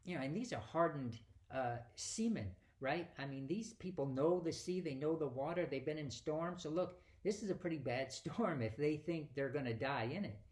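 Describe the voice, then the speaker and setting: A man's voice: a little high, lively intonation, moderate pace, few pauses, a little mellow. A man giving a conversational Bible teaching, asking rhetorical questions and acting out quoted dialogue.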